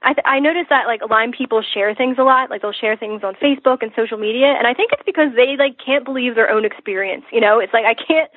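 Woman guest, fairly high husky voice, chatty with fillers, heard down a phone line. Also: quick pace, few pauses, no echo. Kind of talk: casual conversation. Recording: tinny phone line, dry.

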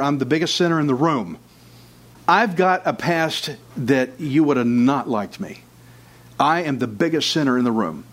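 A man preaching a sermon with fervor, who acts out his listeners' doubts in short quotes. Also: on the high side.

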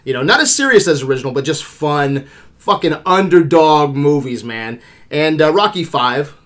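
A man in his thirties hosting a casual movie review podcast, animated, swearing casually and laughing often. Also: on the high side, normal speed. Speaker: podcast host.

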